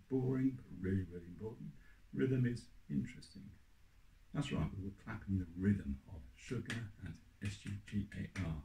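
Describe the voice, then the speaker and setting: Male music teacher, lowish voice, upbeat and coaxing, roomy echo with faint hiss. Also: creaky. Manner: upbeat, encouraging, counts in and sings along. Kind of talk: online music lesson for children. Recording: echoey room with faint noise.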